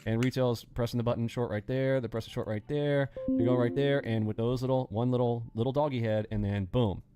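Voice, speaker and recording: A man hosting a live day-trading lesson, animated and acting out panicking traders with sound effects as he explains. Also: mid-range voice, brisk, loud music behind the voice. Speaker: day trading instructor and host.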